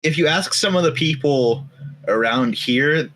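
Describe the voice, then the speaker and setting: A man from California on a casual podcast chat, telling stories slowly and stumbling over his words. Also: on the high side, a bit bright, low-quality recording. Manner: slow, stumbling storyteller. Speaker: podcast co-host.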